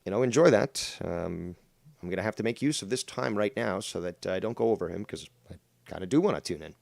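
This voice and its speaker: A man's voice: low-pitched, brisk, gravelly, a little mellow, no room sound. A man hosting a livestream drama commentary show, talking in a profane, mocking, rambling way. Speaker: host.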